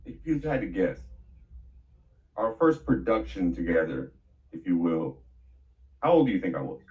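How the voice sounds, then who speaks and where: Lively joking man, lo-fi screen capture. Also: low voice, normal speed. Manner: joking, teasing, casual. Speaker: podcast host, interviewer. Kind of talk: casual interview. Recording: lo-fi screen-recorded audio.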